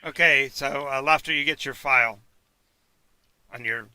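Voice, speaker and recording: A man serves as game master for a tabletop game on a live stream, his voice very bright and forward. He is recorded dry and close, with no room sound. He pauses and restarts a lot and fills the gaps with "uh" and "um". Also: medium pitch, clear, resonant tone, no echo. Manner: halting, with many fillers and restarts. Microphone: home mic for a live stream.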